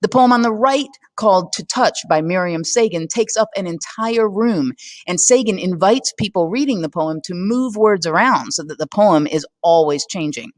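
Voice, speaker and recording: A woman's voice: fairly low pitch, lively intonation, normal speed, dry recording. Conversational woman teaching a poetry lesson. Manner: conversational, asks the listener questions. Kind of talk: scripted lesson narration.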